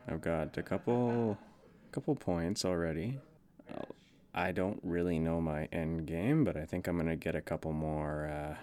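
A man recording a board game confessional, relaxed and hesitant, with many fillers. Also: low-pitched.

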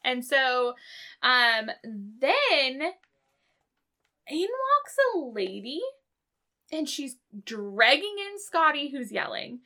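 Woman podcast co-host, lively gravelly voice, loose sweary recap chat. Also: high voice. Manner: swearing, laughing, recapping scenes in quick bursts.

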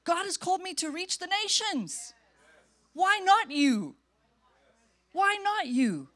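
A woman pastor giving a conversational, humorous sermon, acting out quick voices of churchgoers. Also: very high voice, very animated, a bit bright.

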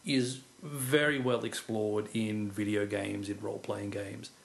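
A man's voice: lowish voice, little pitch movement, measured pace, creaky. A man co-hosting a podcast, making dry, wry remarks in a casual film chat. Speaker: podcast co-host.

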